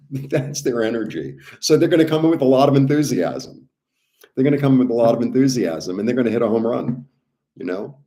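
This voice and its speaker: A man's voice: medium pitch, lively intonation, moderate pace, pauses often, warm tone. A man giving a casual, rambling spiritual talk about healing, with many fillers and restarts. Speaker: spiritual healer.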